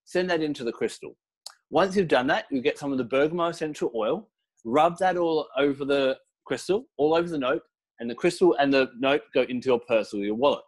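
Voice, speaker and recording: A middle-aged man giving a casual interview, explaining crystal practices with relaxed storytelling and fillers. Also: on the high side, brisk. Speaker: crystal and essential oil teacher, guest.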